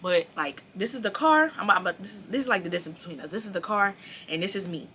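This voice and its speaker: Young woman vlogger, fairly low voice with a forceful, bright edge, telling a profane storytime straight to camera. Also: fast, slight background noise. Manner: animated, profane storytelling that speaks straight to viewers. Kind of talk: storytime vlog.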